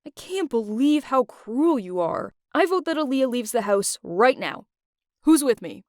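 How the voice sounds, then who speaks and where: A woman voicing a stern young man who takes charge of a shared house in an animated story. His voice sits fairly high and swings widely as he lays down the law. He sounds firm and commanding. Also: unhurried, no room sound, clean studio sound.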